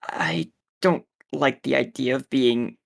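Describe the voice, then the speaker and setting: A man's voice: medium pitch, animated, slow, vocal fry, full character voice. A man voicing a shaken young woman who stammers and repeats her words as she apologizes. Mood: apologetic.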